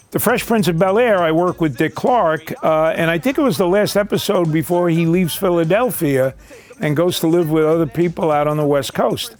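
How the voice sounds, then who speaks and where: A man's voice: on the high side, a little mellow. An older man, a veteran actor, reminiscing in a documentary interview, rambling with fillers and restarts. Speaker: actor recalling his career.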